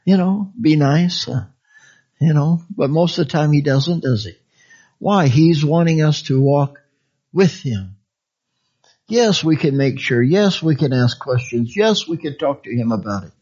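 A man preaches in a relaxed, folksy way, chuckling often as he talks. His voice sits fairly high and swings between bright, raised phrases and near-whispered asides. The recording sounds dull and lo-fi. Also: measured pace, slightly rough. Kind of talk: sermon.

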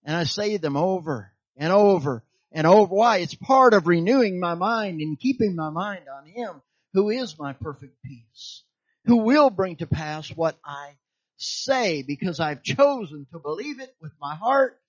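High-voiced preacher, emphatic call-and-response. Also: male voice, expressive, measured pace, dry recording, muffled recording. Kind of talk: sermon.

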